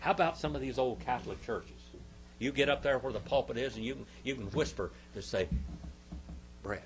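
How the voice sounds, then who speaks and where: A man leads a church Sunday school class, alternating between loud, forceful outbursts and soft asides while repeating phrases to drive points home. His voice sits in the mid range and he talks quickly against a noisy background.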